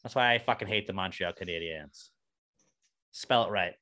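A man's voice: deep voice, moderate pace, pushed and bright. A man co-hosting a casual comedy podcast, joking and swearing with sarcastic banter. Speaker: podcast co-host.

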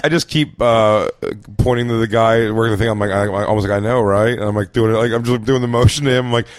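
Male comedian guest, lower voice, relaxed crude storyteller. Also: fast talker, slight background noise. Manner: laid-back, crude anecdote-telling. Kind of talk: casual podcast chat.

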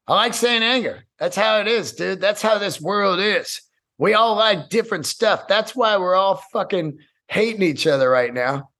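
Profane, rambling man with a higher voice. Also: a bit bright. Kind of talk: casual monologue.

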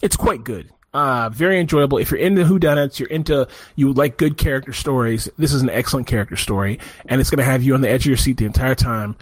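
A man's voice: mid-range voice, quick pace, few pauses, slightly rough. A man co-hosting a podcast, talking through a movie review in loose, rambling casual chat. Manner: rambling, animated, restarts a lot. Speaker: podcast co-host.

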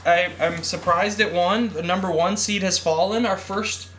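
Upbeat male co-host with a slightly higher voice. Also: fairly even intonation, moderate pace, a bit bright, a little hiss or hum. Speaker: podcast co-host. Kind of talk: casual chat.

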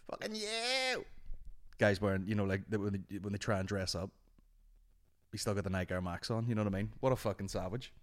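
A man's voice: low-pitched, flat delivery, fast. A man hosting a comedy podcast, swearing, laughing and rambling as he chats. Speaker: podcast host. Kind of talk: casual comedy chat.

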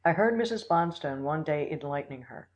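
An audiobook reader narrating a classic story in a steady, measured way. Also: medium pitch, poor audio. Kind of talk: scripted narration.

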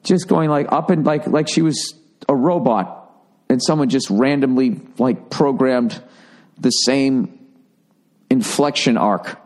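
A man rambles through a casual podcast monologue, swearing freely and wandering off into asides. His pitch sits in an ordinary middle range for a man, and he talks bluntly with loose, unpolished delivery. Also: slow pace, a little mellow. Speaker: comedian podcast host.

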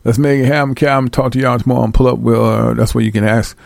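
Blunt gravelly man preaching warnings. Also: mid-range voice, fairly even intonation, fast talker, darkish tone, dry recording, clean studio sound. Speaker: religious teacher addressing followers. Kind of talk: casual street-style preaching.

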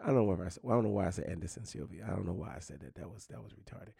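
A man with a low, gravelly voice runs through the day's sports news in a loose, casual chat. He circles back and repeats phrases, padding his talk with constant fillers. The sound is close and dry, with no room around it. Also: rapid-fire, dark tone, no room sound. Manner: rambling, repeats phrases, many "you know what I'm saying" fillers.

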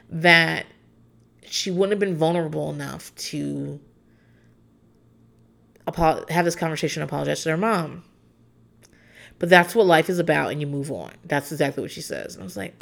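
A woman's voice: low voice, expressive, moderate pace, creaky, a bit bright. A woman in her thirties, casually and opinionatedly recapping a reality show as a podcast host, rambling with plenty of fillers. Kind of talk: casual chat.

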